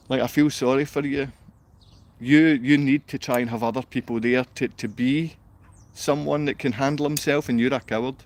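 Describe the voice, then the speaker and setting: A man livestreaming, reading comments from his chat aloud and answering them with a confrontational, insulting rant. He sounds downcast. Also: medium pitch.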